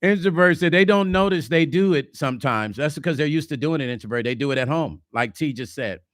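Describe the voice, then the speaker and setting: A man hosting a casual livestream vlog, reading viewer comments and talking relationships in a chatty, animated way. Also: fairly high pitch, fairly quick, no echo, studio quality. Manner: chatty, animated, slips into mock quotes. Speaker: vlog host.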